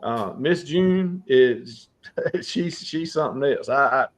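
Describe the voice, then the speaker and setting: A man in a casual live chat, easygoing and quick to agree with the others. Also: medium pitch, animated.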